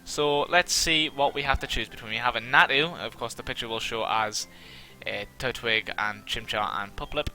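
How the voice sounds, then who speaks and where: Let's-play host, male, mid pitch, bright voice, rambling and self-deprecating commentary. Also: normal speed, hardly any pauses, faint music behind. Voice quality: somewhat monotone. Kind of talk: casual gameplay commentary.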